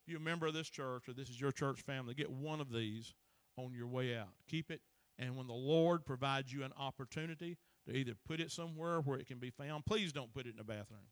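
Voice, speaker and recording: A man's voice: mid-range voice, a little fast, clear, resonant tone, no echo. A man, preaching a folksy sermon that rises into emphatic bursts. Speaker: pastor.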